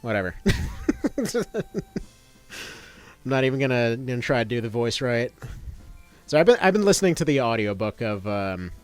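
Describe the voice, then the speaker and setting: A man's voice: medium pitch, animated, normal speed, long pauses, a little mellow, clear, resonant tone. A man in his thirties chatting casually as he streams a game, rambling with lots of fillers and restarts. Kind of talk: casual gameplay commentary.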